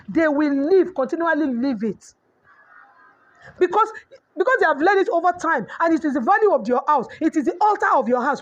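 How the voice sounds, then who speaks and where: A middle-aged woman with a Nigerian accent giving a preachy parenting talk, mixing in Yoruba proverbs. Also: sits high. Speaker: parenting coach. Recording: dull lo-fi audio.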